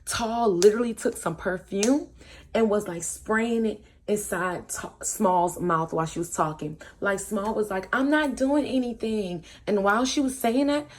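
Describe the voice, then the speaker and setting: Animated young woman telling a story. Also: medium pitch, normal speed, a little hiss or hum. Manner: animated, acts out quoted friends, slangy. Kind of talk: casual storytime.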